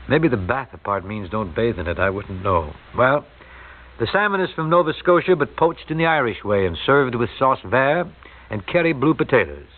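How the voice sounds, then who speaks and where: Folksy man on old-time radio. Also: mid-range voice. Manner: folksy, joking, conversational. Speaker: radio host. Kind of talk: chatty radio talk. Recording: tinny old radio broadcast.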